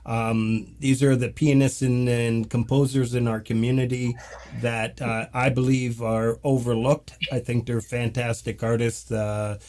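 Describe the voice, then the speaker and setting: A man's voice: medium pitch, little pitch movement, measured pace, darkish tone. A man from Canada hosting a casual talk show, hesitant with ums and prone to giggling. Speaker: host.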